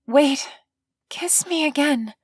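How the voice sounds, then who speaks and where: A woman's voice: high-pitched, slow pace, dry recording, pitched above the performer's own voice. A woman voicing Meg, a flustered young woman. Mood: anxious. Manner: lifted, eager and nervous.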